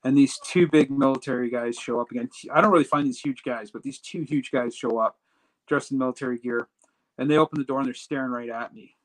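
A man telling a personal story in a casual, animated way, acting out the dialogue as he goes. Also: mid-range voice, fairly quick, poor audio. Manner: animated retelling that acts out quoted dialogue. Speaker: storyteller recounting a personal trip.

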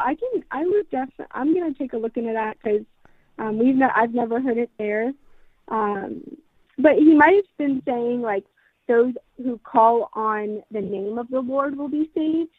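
A woman's voice: a little high, expressive, normal speed, no echo. A young woman answering a Christian hotline, hesitant with frequent ums. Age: young adult. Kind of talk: phone conversation. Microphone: phone. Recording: tinny phone line.

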